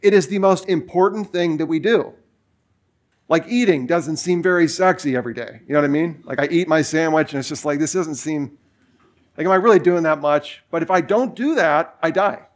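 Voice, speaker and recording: A man's voice: fairly high pitch, brisk. A man in his forties preaching a sermon, telling a personal story in a casual way with lots of fillers. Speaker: pastor.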